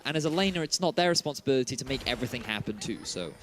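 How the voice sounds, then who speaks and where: A man with a Welsh accent, co-casting a video game match with relaxed, explanatory analysis and jokes. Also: medium pitch, very fast, a little hiss or hum. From Wales. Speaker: esports co-caster. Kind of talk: esports analysis commentary.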